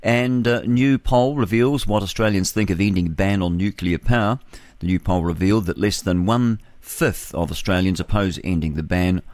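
Dry, low-voiced New radio host. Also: male voice, moderate pace, darkish tone, no room sound. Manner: scornful remarks between headlines. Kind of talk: reading news headlines with opinionated asides.

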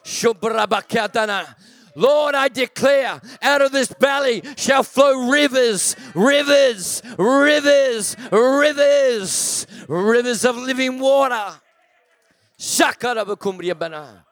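High-voiced man chanting charismatic prayer. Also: takes it slowly, hardly any pauses, dry recording. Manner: chanting, shouting declarations. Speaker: prayer minister. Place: church service.

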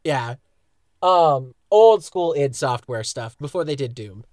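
A man's voice: mid-range voice, animated, slow pace, a little mellow, no echo, clean studio sound. A man co-hosting a podcast in casual chat, giving blunt, profane opinions and laughing along with his partner. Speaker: podcast co-host.

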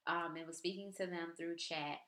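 A woman's voice: lowish voice, fairly even intonation, normal speed, a bit bright. Chatty woman telling a story, roomy echo. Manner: chatty, exasperated retelling with filler words. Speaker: vlogger. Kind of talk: casual storytime chat.

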